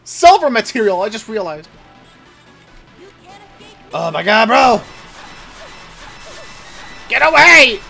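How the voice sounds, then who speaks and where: A young man giving exasperated gameplay commentary and yelling at the game. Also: high voice, big pitch swings, slow pace, vocal fry, pauses often, faint music behind. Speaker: gaming channel host.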